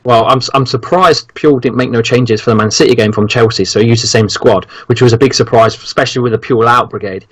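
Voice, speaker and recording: A man hosts a casual football chat with a middling pitch. He rambles and hesitates, filling gaps with ums and restarting his sentences. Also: quick pace, hardly any pauses, a bit bright, husky.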